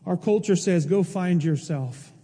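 A man's voice: high-pitched, a little slow, warm tone, husky. A male pastor preaching a sermon in an earnest, emotional way, rising to emphatic peaks. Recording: long hall reverb.

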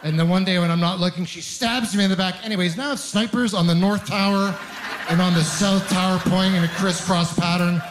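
Young male stand-up, somewhat high voice, rambling self-mocking storyteller, live club set. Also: a little fast, a little hiss or hum. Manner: rambling, self-deprecating storytelling with animated asides. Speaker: stand-up comedian. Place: comedy club stage with live audience.

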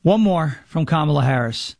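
A man's voice: fairly high pitch, animated, moderate pace, gravelly, darkish tone, no room sound, studio quality. A man hosting a talk show, mocking and sarcastic as he comments on played clips.

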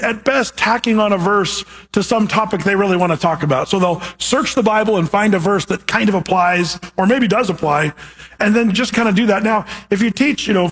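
A man's voice: high-pitched, fairly bright tone, slightly rough. A man preaching a sermon as a pastor, teaching in a conversational way with rhetorical questions.

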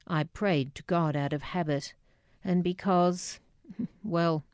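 A middle-aged woman reading a memoir aloud, measured and quietly emotional, voicing the dialogue herself. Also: lowish voice, smooth, no room sound, studio quality. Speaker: narrator.

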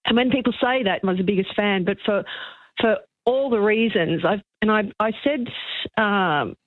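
A woman's voice: medium pitch, no room sound. An older woman phones in to talk radio, her voice thin and tinny down a dry phone line. She is moved, and her chatty story keeps stopping and starting. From Australia. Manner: chatty, halting, with many restarts. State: emotional. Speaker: caller, magazine journalist. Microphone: telephone.

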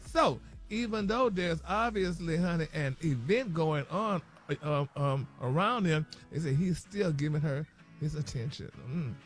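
High-voiced man dishing radio gossip. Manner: calls listeners "honey" and "y'all" nearly every line, dramatic. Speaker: radio show celebrity gossip presenter. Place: radio studio.

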